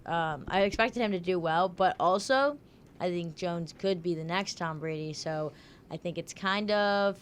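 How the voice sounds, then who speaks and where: A woman's voice: fairly low pitch, unhurried, slight background noise. A young woman co-hosting a casual sports talk show, laid-back and wry as she gives her picks. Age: young adult. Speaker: co-host.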